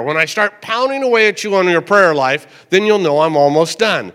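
High-voiced older man preaching in a reverberant church. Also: expressive, fairly bright tone. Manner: conversational preaching, slows to repeat verses. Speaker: pastor. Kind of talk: sermon. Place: church sanctuary. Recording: long hall reverb.

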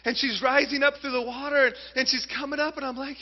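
A man in his thirties preaching a sermon, telling a personal story in an animated way and speaking straight to his audience. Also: very high voice, fast talker, hardly any pauses. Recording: muffled, reverberant hall sound.

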